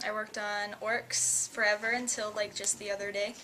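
A woman's voice: medium pitch, level tone, normal speed, bright, forceful tone, a little hiss or hum, rough recording. A woman on a painting studio crew giving shy, brief answers in a casual chat.

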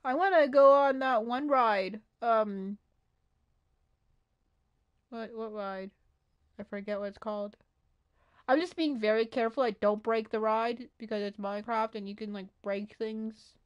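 A woman with a high, light voice chats through a gaming livestream. She talks to herself as she plays, easily excited, with frequent gasps. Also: a little slow, pauses often, clear, resonant tone, dull audio. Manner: excitable, gasping, talks to herself while playing. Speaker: streamer. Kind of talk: casual gaming livestream chatter.

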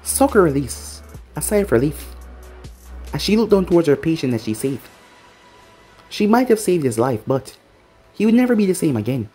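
Lively, expressive fan-fiction storyteller. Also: mid-range voice, moderate pace, pauses often, husky, faint music behind. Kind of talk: read-aloud fan-fiction narration.

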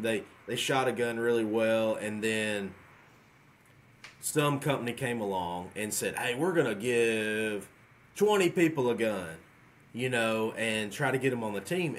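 A man in his forties, a guest on a podcast, talking frankly in a relaxed, rambling way. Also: mid-range voice, moderate pace, a little hiss or hum. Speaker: guest trapshooter. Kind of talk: casual podcast chat.

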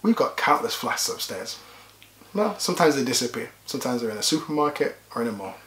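A man's voice: mid-range voice, sing-song, brisk, fairly bright tone. A man from the UK co-hosting a casual couple's vlog, dry and sarcastic. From UK, Yorkshire. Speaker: vlog co-host. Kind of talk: casual chat. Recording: echoey room.

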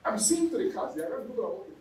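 A middle-aged man preaching a sermon, swinging between loud calls and quiet asides. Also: high-pitched, big pitch swings, racing, roomy sound, far from the mic, slight background noise, poor audio. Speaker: pastor. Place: large church hall.

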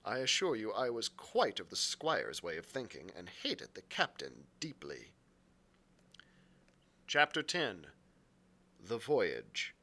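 A man reading a classic adventure novel aloud, expressive, with occasional slips he corrects. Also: on the low side, slow, pauses often. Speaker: library reader.

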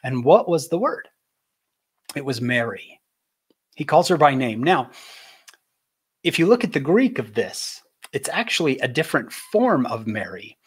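Man, faith speaker, lively storyteller, mid-pitched, slows for key points. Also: slightly rough. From Utah, USA. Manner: animated storyteller, slows for emphasis. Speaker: public speaker.

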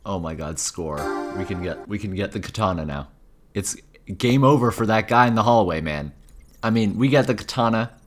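A man giving sarcastic, jokey let's-play commentary on horror games, reacting loudly to scares. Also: fairly low pitch, animated, normal speed. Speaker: gaming YouTuber. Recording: game music behind the voice. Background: game music.

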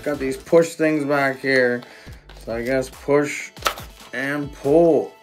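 A man casually chatting and reviewing his cannabis gear in a vlog, excitable and swearing constantly in slangy talk. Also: medium pitch, slow pace, over music. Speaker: cannabis vlogger. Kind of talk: casual profane vlog chat.

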